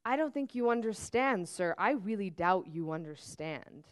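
A jittery village man who bites his nails pleads and dodges questions, as a woman reading her novel aloud puts him on. The voice is smooth and clear, with an everyday middle pitch. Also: expressive, moderate pace, no echo, clean studio sound, lightly acted. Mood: agitated. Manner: pleading, evasive.

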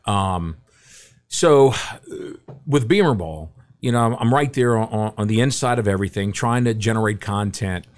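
A middle-aged man, a podcast guest, telling a story in casual, animated chat and acting out the quotes. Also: fairly low pitch, normal speed.

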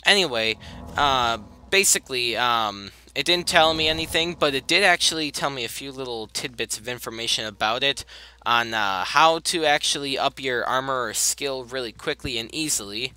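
A man's voice: medium pitch, moderate pace, bright, forceful tone, clear, resonant tone. A young man casually commentating his gameplay, rambling, easily sidetracked and apologizing often. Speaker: gaming video host. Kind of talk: casual let's-play commentary.

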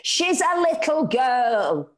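A woman voicing a protective, excitable young working-class mother with a shrill, emphatic delivery. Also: measured pace. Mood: shrieking.

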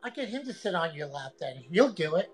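A woman livestreaming an angry, profane rant, taunting and repeating herself with loud outbursts. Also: fairly low pitch, big pitch swings, fairly quick, faint music behind, rough recording.

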